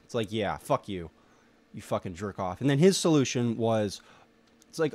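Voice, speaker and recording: A man's voice: on the low side, animated, normal speed, long pauses, darkish tone, dry recording. Young guy ranting solo, swears a ton, says like constantly, dry close sound. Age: young adult. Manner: profane, ranting, lots of fillers. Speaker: solo podcaster. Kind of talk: rambling monologue.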